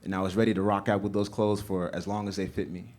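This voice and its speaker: Earnest low-voiced male storyteller. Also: level tone, fast, a little mellow. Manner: earnest, rhythmic delivery. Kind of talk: live storytelling. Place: small theater stage.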